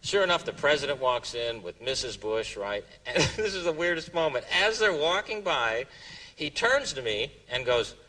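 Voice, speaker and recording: A man telling a comic story on stage as a stand-up comedian, jumping into high squeaky voices for quoted exclamations. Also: very animated, normal speed, pushed and bright. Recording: distant mic, noisy room ambience.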